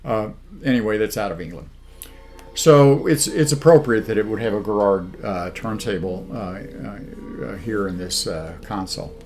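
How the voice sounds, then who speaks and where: Wry halting man in his sixties. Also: fairly low pitch, darkish tone, faint music behind. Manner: dry sarcastic jokes, halting with many filler sounds. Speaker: vinyl record reviewer. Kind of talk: casual monologue to camera.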